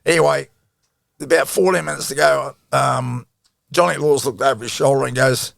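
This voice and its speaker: A man's voice: mid-range voice, steady tone, normal speed, vocal fry, fairly bright tone, no echo, studio quality. A middle-aged Australian man telling stories in a casual interview, swearing freely and laughing as he goes. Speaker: guest, former rugby league player.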